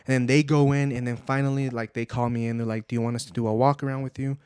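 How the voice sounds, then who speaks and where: A man's voice: mid-range voice, fast talker, clear, resonant tone, no echo. Young male podcast co-host, casual storyteller, slips in Spanish, dry close recording. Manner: animated, heavy use of "like", drops Spanish phrases. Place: home podcast setup.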